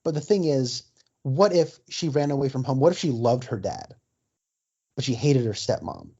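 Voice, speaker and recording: A man on a casual podcast thinks aloud, hesitant and full of fillers. His voice is mellow and dark. The audio is dull and lo-fi. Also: mid-range voice, expressive, moderate pace, breathy edge. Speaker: podcast co-host.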